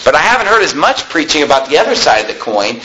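A middle-aged man preaching a sermon as a pastor, emphatic and slowing down to stress key phrases. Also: on the high side, big pitch swings, bright, forceful tone, a little hiss or hum, rough recording.

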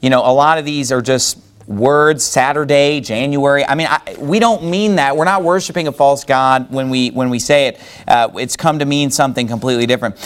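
A man's voice: mid-range voice, brisk, few pauses, clear, resonant tone. A man preaching a sermon in church, firing rhetorical questions at the congregation. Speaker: pastor.

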